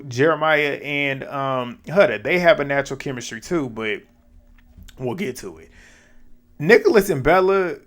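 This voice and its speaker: A man casually recapping a dating show, chatty and quick to laugh at his own asides. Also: a little high, fairly bright tone. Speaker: reality TV recap host.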